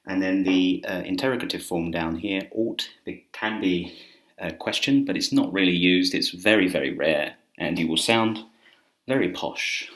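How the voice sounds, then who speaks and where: A man teaching an English grammar lesson in a relaxed, chatty way with filler words, speaking to camera indoors. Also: deep voice, moderate pace. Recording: roomy echo.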